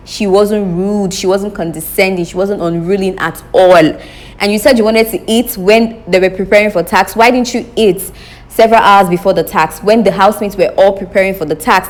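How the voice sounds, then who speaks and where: A young woman giving an opinionated recap of a reality show, emphatic and animated, talking straight to her viewers. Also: mid-range voice. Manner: animated, emphatic, addresses viewers as guys, repeats questions for effect. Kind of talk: casual opinionated commentary.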